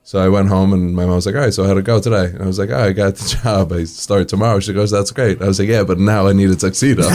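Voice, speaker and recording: A low-voiced man, a restaurant owner who is a guest on an interview. He relaxes into long anecdotes, acts out the quoted dialogue and chuckles as he goes. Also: a little mellow. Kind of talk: casual storytelling in an interview.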